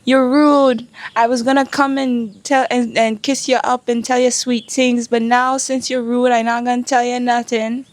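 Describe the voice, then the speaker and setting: A woman's voice: fairly high pitch, little pitch movement, moderate pace, hardly any pauses, no room sound, pitched above the performer's own voice, close to an everyday voice. A woman mimicking a pushy man who catcalls her, in a mocking sing-song voice, flirty then insulted. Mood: wheedling.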